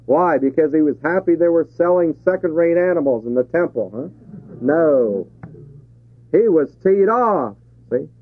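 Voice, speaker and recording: A man's voice: on the high side, no room sound. A man preaching a sermon to a congregation, asking rhetorical questions and chuckling between points. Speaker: pastor. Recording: tinny phone-like 1970s tape.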